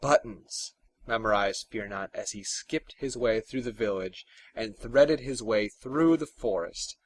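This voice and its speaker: A man narrating a folktale in an expressive, theatrical storytelling style. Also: fairly low pitch, a little slow.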